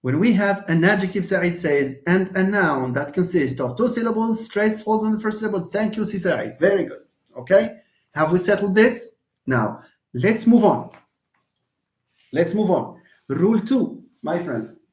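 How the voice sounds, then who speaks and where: A man with a Moroccan accent, a native Moroccan Arabic speaker, teaching an animated live English lesson and acting out his examples. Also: sits high, unhurried. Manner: animated, mixes English and Arabic, acts out stress examples with a laugh. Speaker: English lecturer. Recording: roomy echo.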